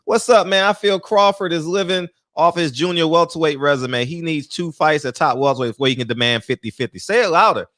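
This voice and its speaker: A man's voice: on the high side, a little fast, few pauses, a bit bright, dry recording, studio quality. Chatty man hosting a loose live boxing talk. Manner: loose and chatty, swears casually; laughs often. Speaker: host of a live-streamed boxing talk show. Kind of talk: casual live-stream chat, greeting viewers by name. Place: small room.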